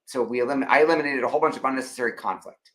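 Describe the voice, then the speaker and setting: Casting: husband co-host, bright tense voice, brisk and to the point. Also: male voice, mid-range voice. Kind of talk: casual chat.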